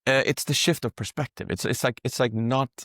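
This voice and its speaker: A man's voice: mid-range voice, a little fast, gravelly, a bit bright, dry recording, studio quality. A man working as a psychedelic guide, talking casually on a podcast, explaining things through long rambling metaphors and swearing freely.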